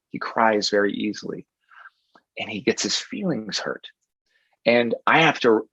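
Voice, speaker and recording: A man's voice: fairly low pitch, husky, dry recording, muffled recording. A man in his thirties answering interview questions in an earnest, reflective way, often restarting his sentences. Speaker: guest.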